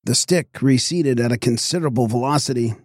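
A man's voice: mid-range voice, brisk, dry recording. Man reading a story, dry sound. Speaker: audiobook reader. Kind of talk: scripted narration.

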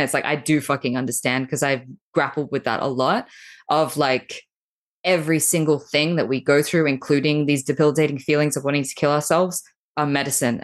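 A woman with a notably low voice talks as a podcast guest. She is blunt and emphatic, and she swears without hesitation. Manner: frank, emphatic, swears freely. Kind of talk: candid spiritual conversation.

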